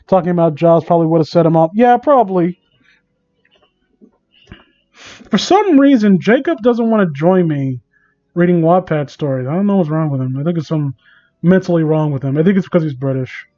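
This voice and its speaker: A man with a high voice reads fan fiction aloud for laughs. He keeps breaking off into sarcastic, incredulous, rambling commentary. The recording is dull and lo-fi. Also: moderate pace, long pauses, warm tone. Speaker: host reading fan fiction. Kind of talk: comedic dramatic reading with commentary.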